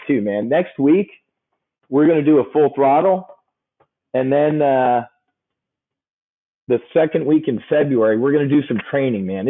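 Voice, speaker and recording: Brash male trading coach with a husky voice, joking through a casual live webinar; tinny phone-line sound. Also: medium pitch. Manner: brash, joking, calls listeners "man".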